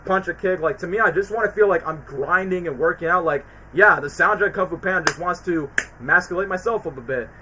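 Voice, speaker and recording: A man streaming a casual film ranking, talking in an excitable, rambling way with many fillers. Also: sits high, brisk, noisy background. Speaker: streamer reviewing films. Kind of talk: casual chat.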